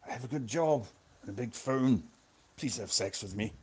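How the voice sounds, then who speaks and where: A man parodying a boastful 1980s yuppie, talking low and quiet close into a phone. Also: normal speed, slightly rough. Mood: smug. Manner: boastful, preening. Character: smug 1980s male yuppie on a big phone. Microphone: phone held close.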